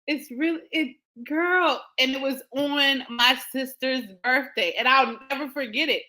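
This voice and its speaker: A woman hosting a show, telling a personal story in a casual, animated way with frequent laughter. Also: high voice, unhurried, rough recording. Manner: animated, laughing often, quotes others in dialogue. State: emotional, near tears. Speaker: podcast host.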